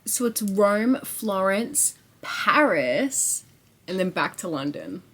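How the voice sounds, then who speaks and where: Excitable young woman vlogger. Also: medium pitch, slow, slightly rough. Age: young adult. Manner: excitable, swearing, rambling with lots of likes. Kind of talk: casual chat to camera.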